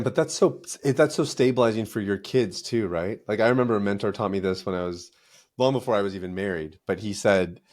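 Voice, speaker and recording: A man hosting a podcast in a relaxed, affirming way. His voice sits a little low, and he backs up his guest with short agreeing remarks. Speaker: podcast host. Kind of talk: conversational podcast interview.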